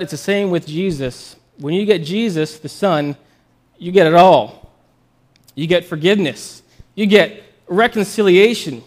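High-voiced man preaching a sermon. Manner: conversational, upbeat, with fillers. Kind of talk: sermon storytelling.

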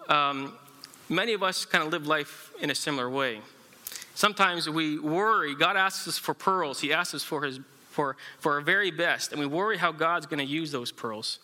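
A man preaching a sermon in a very bright, slightly high voice. He speaks haltingly, with frequent fillers and restarts, as he tells a story to the congregation. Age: adult, married. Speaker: pastor.

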